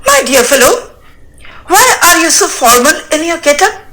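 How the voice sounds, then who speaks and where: A woman's voice: very high voice, sing-song, normal speed, pushed and bright, exaggerated voice, low-quality recording. A woman reading the part of a fussy older male landowner who gushes endearments and rambles on with "and so on," in a dramatic reading of a stage play. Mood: effusive.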